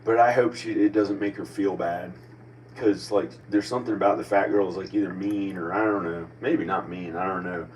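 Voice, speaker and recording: A man in his forties with an American country accent muses aloud in a rambling, self-questioning monologue that keeps restarting. His voice is low-pitched and steady at a normal speed. The mic sits at a distance, and faint background noise can be heard.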